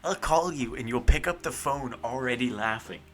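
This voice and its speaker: A man's voice: mid-range voice, moderate pace, a bit bright, soft background music. A man streaming casual chat, teasing a friend, swearing and laughing. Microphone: headset earphones.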